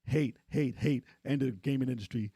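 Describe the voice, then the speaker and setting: A man talks through gaming news in loose, rambling podcast chat. His voice is slightly husky and sits in a middle register. The sound is dry and close. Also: mid-range voice, normal speed, warm tone, no room sound. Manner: rambling, restarts and fillers while explaining. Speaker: podcast co-host. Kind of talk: casual chat.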